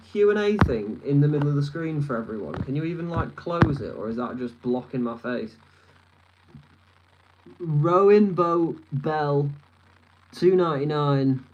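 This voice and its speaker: A man's voice: a little high, lo-fi sound, slight background noise. Tired, sweary northern lad in his twenties. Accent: Lancashire. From northern England. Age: 20s. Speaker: YouTuber answering live chat. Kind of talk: casual live stream chat. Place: his room at a desk.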